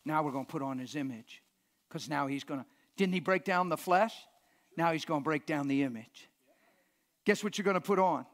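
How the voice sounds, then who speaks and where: A man preaching a sermon in a church, emphatic and impassioned, sometimes shouting and sometimes dropping almost to a whisper. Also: a little high, a little fast.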